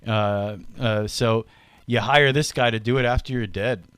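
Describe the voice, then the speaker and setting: A man co-hosting a casual podcast chat, animated and laughing often, acting out quotes in funny voices. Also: on the low side, unhurried, clean tone, dry recording. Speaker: podcast co-host.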